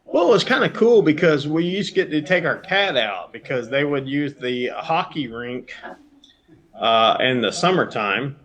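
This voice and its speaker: A middle-aged man from Georgia with a Southern US accent, chatting as a guest on a remote call, telling animated stories and swearing freely. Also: a little high, moderate pace. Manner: animated storyteller, swears freely, jumps between topics. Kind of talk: casual chat.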